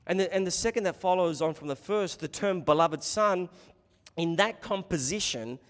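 A man preaching an expository sermon, swinging between loud emphatic bursts and quiet hushed asides. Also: high-pitched, normal speed. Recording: long hall reverb.

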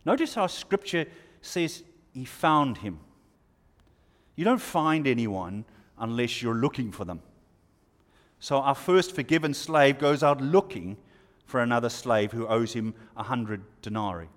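Amid the long reverb of a hall, a man with a mid-range voice and lively intonation preaches verse by verse through scripture. He takes an expository approach, using pauses and rhetorical questions aimed at listeners.

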